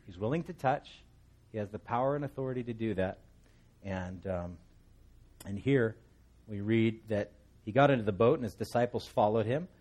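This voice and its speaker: Husky-voiced man teaching the Bible. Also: medium pitch. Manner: relaxed, rambling, vivid storytelling asides. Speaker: pastor.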